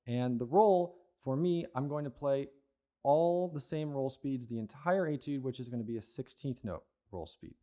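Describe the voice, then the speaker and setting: A young man with a mellow, relaxed tone gives a patient, step-by-step percussion lesson. He often checks in with the listener with a quick "okay?" or "right?". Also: mid-range voice. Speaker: percussion teacher. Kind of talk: instructional lesson.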